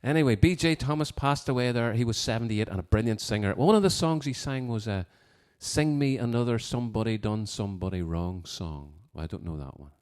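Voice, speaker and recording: A man's voice: mid-range voice, a little fast, hardly any pauses, a little mellow, smooth. A man chatting casually between songs as host, rambling as he reads out requests and birthday wishes from a piano room at home. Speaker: host of a live music show.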